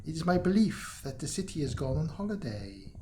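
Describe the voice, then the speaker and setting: A matter-of-fact local woman, spoken well above a man's usual register with a lilting put-on accent, as a male reader puts her on. Her tone is mellow and unhurried. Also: fairly high pitch, sing-song, a little hiss or hum, pitched above the performer's own voice.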